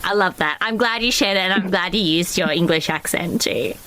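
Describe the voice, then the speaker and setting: A woman's voice: lowish voice, fairly quick, a crowd in the background. Encouraging woman host. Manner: encouraging, enthusiastic. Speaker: podcast host, teacher. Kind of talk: interview conversation.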